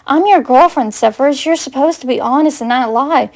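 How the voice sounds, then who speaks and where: A woman's voice: high voice, a little fast, darkish tone. A woman reading the heated, accusing lines of an angry young witch confronting her boyfriend, as she reads fanfiction aloud.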